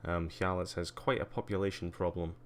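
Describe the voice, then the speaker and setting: Deep-voiced, rambling male livestreamer. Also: flat delivery, brisk, slight background noise. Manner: rambling, many ums and uhs, wry asides. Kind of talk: casual live-stream commentary giving a tour.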